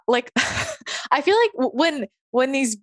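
A woman's voice: high-pitched, big pitch swings, slow pace, no echo. A woman hosting a podcast, laughing often and asking curious questions. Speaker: podcast host. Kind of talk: casual podcast conversation.

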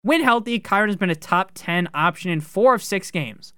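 A man talks through a sports podcast in loose, profane commentary, full of jokes. His voice is smooth and resonant. The sound is close and dry, with no room around it. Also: high voice, lively intonation, pushed and bright, no echo. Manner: profane, joking, fast-talking. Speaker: fantasy football podcast host.

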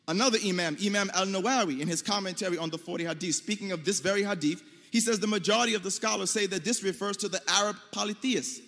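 Speaking quickly with few pauses, the American debater presses his argument in a high voice, emphatic and forceful, occasionally rising to near-shouts. The big hall adds a long reverb.

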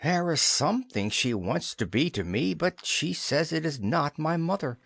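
A man's voice: fairly high pitch, animated, moderate pace, gravelly, fairly bright tone, husky, no room sound, clean studio sound, voice pushed up, exaggerated voice. A man voicing a carefree young boy in a storybook reading. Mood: boyish.

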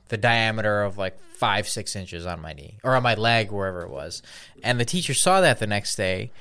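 Foul-mouthed young podcast co-host. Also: male voice, medium pitch, a bit bright, clear, resonant tone. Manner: loose, swears a lot, trails off. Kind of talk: casual podcast chat.

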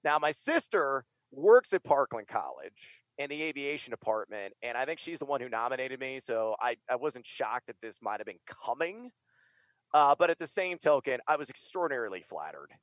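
A man's voice: medium pitch, very animated, normal speed, fairly bright tone, dry recording. A middle-aged man from the United States, a fantasy sports broadcaster and writer, talking in a casual interview with energy, emphasis and many fillers.

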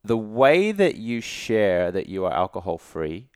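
A man from Australia, a guest coach on a podcast, who talks in an animated way and acts out little dialogues in different voices. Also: lowish voice, measured pace, clean tone, no echo, studio quality. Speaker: guest, alcohol-free coach.

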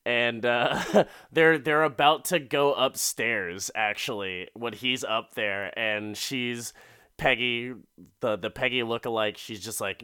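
A man's voice: medium pitch, fairly even intonation, slow, pushed and bright, clear, resonant tone, no echo, studio quality. A man giving a profane, rambling comic recap of a movie, full of fillers.

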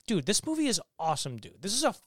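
A man's voice: high-pitched, huge pitch swings, quick pace, dry recording, clean studio sound. A man co-hosting a podcast, brash and profane in casual chat. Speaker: podcast co-host.

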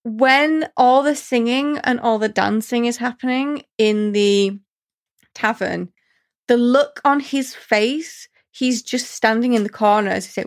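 A woman's voice: on the high side, unhurried. A woman in a casual chat, talking enthusiastically and acting out quotes in different voices.

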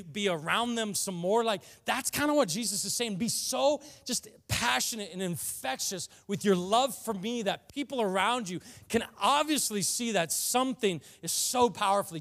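A man preaching a sermon about fasting, earnest and often building to passionate emphasis, with frequent restarts. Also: high-pitched, a bit bright. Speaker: pastor.

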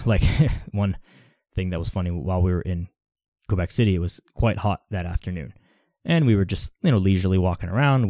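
A man's voice: sits low, warm tone, no echo, studio quality. A man hosting a fitness podcast, talking casually and rambling with lots of "like" fillers. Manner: rambling, heavy use of "like" fillers. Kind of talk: casual solo podcast talk.

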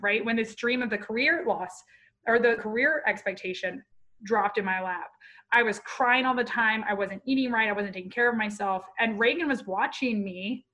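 A woman's voice: fairly high pitch, fairly bright tone, low-quality recording. A woman in her thirties speaking candidly and with feeling as an interview guest. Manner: candid, heartfelt, storytelling. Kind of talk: emotional personal interview talk.

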